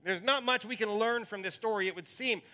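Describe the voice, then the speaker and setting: A man's voice: high-pitched, brisk, sharp tone. A man, a pastor, giving a conversational sermon that teaches through a Bible story and muses aloud on it.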